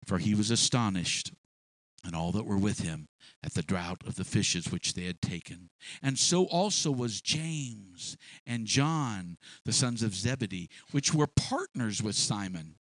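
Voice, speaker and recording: A male pastor preaching a sermon, animated, repeating phrases and building to shouts. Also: fairly low pitch, unhurried, dry recording.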